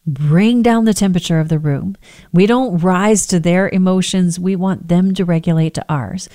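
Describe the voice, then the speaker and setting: A woman who works in healthcare, giving calm, earnest, emphatic advice to parents. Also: on the low side, unhurried.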